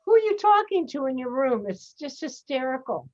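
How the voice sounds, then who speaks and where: A woman's voice: high voice, sing-song, moderate pace, darkish tone. A woman teaching an acting class, giving directions and encouragement over a video call. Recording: dull video-call audio.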